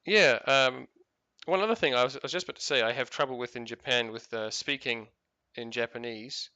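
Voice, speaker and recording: A man's voice: mid-range voice, a little fast, bright, forceful tone, dry recording. A man streaming a game, chatting casually and rambling, swearing freely as he talks. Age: adult, married for years. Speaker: gaming streamer. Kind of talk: casual chat while playing.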